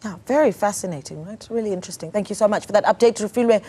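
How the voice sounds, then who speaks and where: Brisk woman news anchor, husky. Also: medium pitch, mellow. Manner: brisk, wrapping up. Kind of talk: studio news handover.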